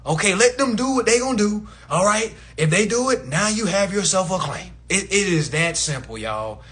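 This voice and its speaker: A man with a high voice hosts a livestream in a loose, casual rant. His tone is bright and forward, and he talks bluntly, swears freely and mocks people who disagree with him. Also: lively intonation, normal speed. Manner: blunt, profane, mocking. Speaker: livestream host.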